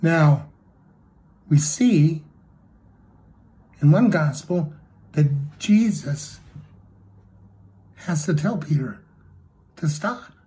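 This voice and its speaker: Delivering a sermon in a high-sitting voice, a preacher retells a story and performs the quoted lines. His volume rises to loud and drops to a hush by turns.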